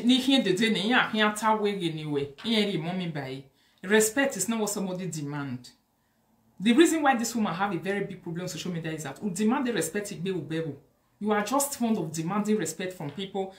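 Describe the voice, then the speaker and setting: A woman's voice: medium pitch, roomy sound. A woman with a Nigerian Pidgin accent, lecturing and scolding in a social media commentary. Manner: preachy, lecturing, mixes Pidgin and Yoruba-like phrases. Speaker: online commentator.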